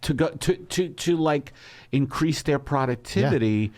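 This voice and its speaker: A man hosting a comedy podcast, ranting, swinging from low growling threats to loud indignant outbursts. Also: expressive, a little slow. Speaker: podcast host.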